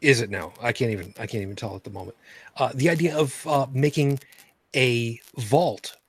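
Husky-voiced man hosting a casual talk. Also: mid-range voice, fairly bright tone. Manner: rambling, halting, with many fillers and restarts. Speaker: podcast host. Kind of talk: casual live-stream discussion.

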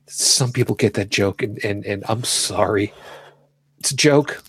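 A man's voice: lowish voice, measured pace, a bit bright, breathy edge. A man co-hosting a casual talk show, rambling, joking and correcting himself as he goes. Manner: rambling, self-correcting, jokey. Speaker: podcast co-host. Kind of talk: casual chat.

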